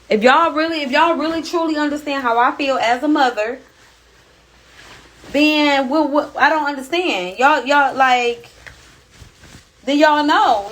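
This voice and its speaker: An upset mother rants on social media with a bright, sharp voice. She cusses, circles back to the same points and stays heated throughout. Her pitch sits high for a woman. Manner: heated, cussing, repeats herself. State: upset and angry. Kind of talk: angry social media rant.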